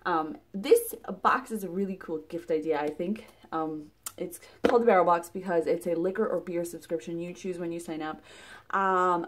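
A woman reviewing a subscription box in a casual unboxing vlog, chatty and rambling with lots of fillers and restarts, getting excited as she pulls out items. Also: on the low side. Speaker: product reviewer.

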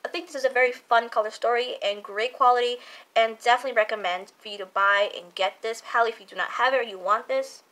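A woman's voice: fairly high pitch, fast, a bit bright. A young woman chatting casually as a makeup vlogger, gushing and repeating herself, full of fillers. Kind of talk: casual chat reviewing makeup.

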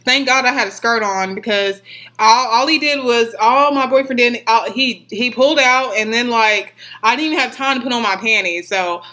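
Young woman, casual storytime vlog, rambling, swears a lot, fairly high pitch, bright tone. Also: normal speed. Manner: rambling, profane, animated retelling. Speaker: vlogger.

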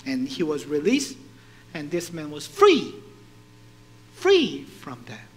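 A male pastor preaching a sermon, animated and putting questions to his congregation. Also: fairly high pitch, takes it slowly, low-quality recording.

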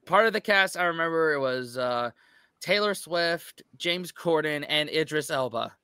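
Bright American man reacting casually. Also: on the high side, animated, clean tone, dry recording, clean studio sound. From United States. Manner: chatty, halting with restarts. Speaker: reaction channel host.

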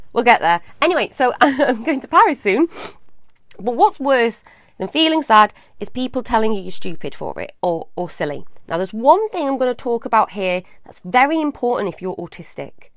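A woman, hosting a live advice talk for children, affectionate and animated. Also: a little high, no room sound, studio quality. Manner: animated, affectionate, addresses viewers as little loves. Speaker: advice show host.

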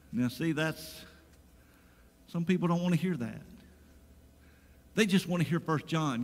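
A man's voice: on the high side, animated, normal speed, long pauses. A pastor giving a sermon, reading scripture aloud and talking to his congregation in a conversational way that rises into emphatic preaching. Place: church sanctuary. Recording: long reverb of a church sanctuary.

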